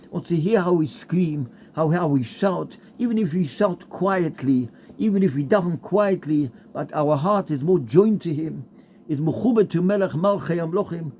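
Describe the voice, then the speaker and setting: A man's voice: on the high side, dark tone, slight background noise. A man giving a heartfelt Torah talk with a story, mixing in Hebrew and Yiddish terms. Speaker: Torah speaker.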